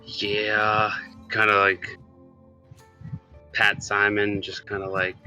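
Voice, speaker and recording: A man playing a tabletop game who thinks out loud, with a low but very bright, sharp voice. Faint music plays behind him. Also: completely flat delivery, slow, low-quality recording. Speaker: player. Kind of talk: casual tabletop play.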